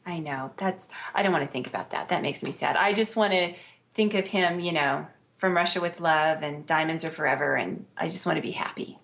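A woman's voice: low-pitched, fairly quick, a bit bright. An American woman in casual conversation, bubbly and playful, laughing often and breaking into exclamations. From United States. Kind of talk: casual chat.

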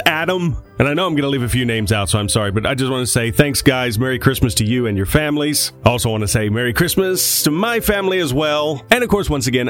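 A man hosting a news podcast, giving an earnest, grateful holiday message to his listeners. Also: medium pitch. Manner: earnest, grateful, lively delivery.

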